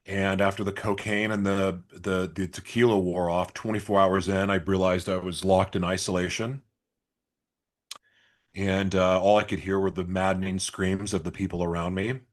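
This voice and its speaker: A man's voice: deep voice, level tone, normal speed. A man guest in an interview, telling his story candidly and confessionally, swearing at times.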